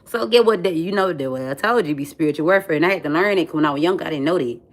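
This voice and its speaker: Woman vlogger, casual and profane, animated storyteller. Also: low voice, fast. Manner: animated, profane, repeats "friend" and "you know what I'm saying".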